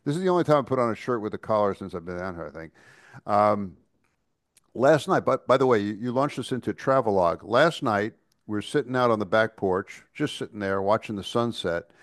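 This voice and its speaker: A man's voice: on the low side, expressive, fairly quick, no room sound, studio quality. A man co-hosting a podcast, talking casually and chattily with frequent restarts and stammers. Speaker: podcast co-host. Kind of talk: casual chat.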